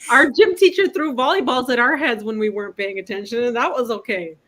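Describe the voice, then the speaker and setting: A woman's voice: fairly high pitch, a little fast, fairly bright tone. A woman in her forties from the former Soviet Union, with a faint Eastern European accent, chatting as a podcast guest and laughing easily. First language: not English, came at eleven. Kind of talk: casual chat.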